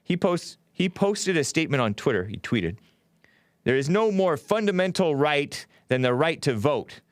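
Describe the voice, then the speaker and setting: A man's voice: a little high, very animated, normal speed, dry recording, studio quality. A man hosting a solo commentary show, reading out news quotes and mocking them with sarcastic asides. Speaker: podcast host.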